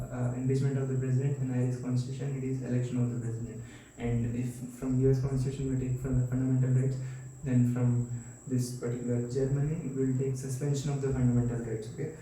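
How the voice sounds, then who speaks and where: A man teaching a classroom lecture, halting and repetitive, with many fillers and self-corrections. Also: medium pitch, warm tone, far from the mic, slight background noise. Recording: very echoey room, voice off-mic.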